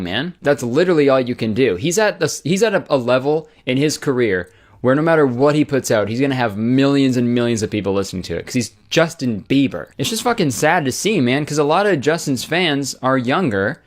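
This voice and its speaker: A man giving comedic commentary in a sarcastic, exasperated tone, swearing casually. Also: mid-range voice.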